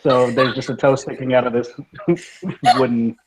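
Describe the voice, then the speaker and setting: A man's voice: mid-range voice, fairly even intonation, normal speed. Laid-back man player, faint hiss. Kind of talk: tabletop role-play.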